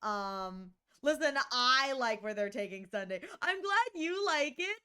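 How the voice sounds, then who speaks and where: A woman's voice: high-pitched, lively intonation, measured pace, pushed and bright, smooth. Giggly rambling young woman streamer. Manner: rambling, giggly, self-mocking. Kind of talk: casual chat with viewers.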